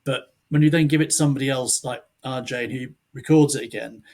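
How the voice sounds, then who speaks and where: Speaking fast in a mid-range, slightly mellow voice with fairly even intonation, a male author chats loosely as a guest on a podcast. His talk wanders, he keeps interrupting and restarting himself, and an occasional chuckle slips out.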